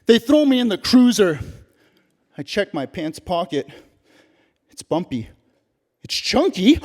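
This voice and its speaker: A male stage performer from Canada delivering a dramatic one-man monologue in an animated way. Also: high voice, slow pace, pauses often, slightly rough, long reverb tail. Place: theater stage.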